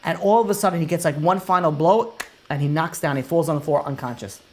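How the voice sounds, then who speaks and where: A man's voice: fairly high pitch, fast talker, a little hiss or hum. A man, a rabbi, telling a dramatic story in a lesson, acting out the characters' lines as he goes. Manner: animated retelling that acts out the characters' lines.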